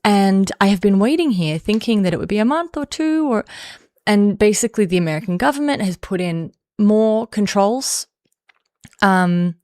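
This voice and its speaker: An Australian woman chats on a livestream in a loose, rambling way. She fills her talk with "like" and jokes at her own expense, and her voice is mid-pitched and dry. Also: darkish tone, no echo. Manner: rambling, filler-heavy, self-mocking humor. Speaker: livestream host. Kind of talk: casual livestream chat.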